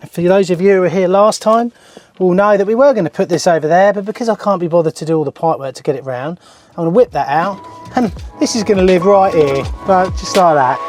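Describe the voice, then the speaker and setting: Soft music plays behind a man whose voice is high-pitched, quick, and a little mellow. He's a plumber hosting his own channel, casually joking with viewers while working in a house and its loft for a DIY vlog.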